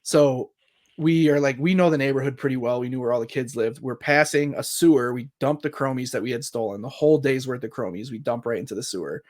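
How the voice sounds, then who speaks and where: A man in his thirties telling a long story on a casual podcast. He talks in a loose, animated way, swears freely, and drops into quick voices for the people in the tale. His pitch sits at an average level for a man. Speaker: podcast co-host.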